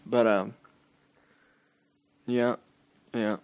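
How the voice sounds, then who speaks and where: A man's voice: fairly low pitch, flat delivery, extremely slow, a little mellow, smooth. A young adult man co-hosting a podcast, rambling casually with swearing and trailing fillers. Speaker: podcast co-host. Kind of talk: casual chat.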